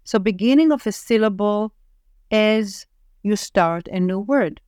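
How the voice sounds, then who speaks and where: A woman gives a patient reading lesson, working through word lists one at a time and explaining how sounds join. She speaks very slowly, in a smooth, clear voice. The sound is dry and close. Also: mid-range voice, darkish tone, no echo. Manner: patient, reads word lists aloud with pauses. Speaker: Hebrew reading teacher. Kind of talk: slow, careful reading lesson.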